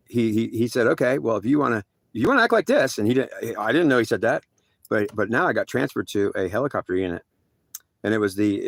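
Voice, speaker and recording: A man's voice: fairly low pitch, gravelly, no room sound. A man telling a rambling first-person story with slangy asides, acting out the dialogue in a raised voice. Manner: acts out quoted dialogue in a raised voice.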